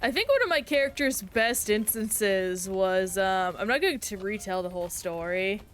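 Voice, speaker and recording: A woman streamer in casual, chatty conversation while playing a game, reacting aloud in an animated way. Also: mid-range voice, moderate pace, faint music behind. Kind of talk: casual gameplay chat.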